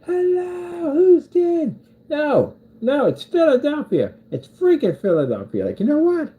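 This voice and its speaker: A man putting on a squeaky rock frontman. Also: wildly swooping pitch, unhurried, narrow, tinny audio, exaggerated voice. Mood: apologetic, showy. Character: high-voiced male rock frontman apologizing to a concert crowd. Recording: noisy room with clicking sounds.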